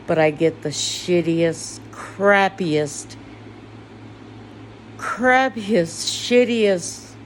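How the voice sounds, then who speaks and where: Woman, somewhat low voice, raw confessional talk with blunt swearing. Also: a little mellow, slight background noise. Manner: slow, weary and emotional, turning bitter with swearing. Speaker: vlogger. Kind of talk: personal confessional monologue.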